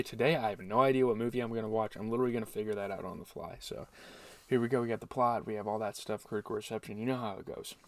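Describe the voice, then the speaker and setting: A man's voice: mid-range voice, far from the mic. A young man hosting a casual movie review, rambling and correcting himself as he thinks aloud.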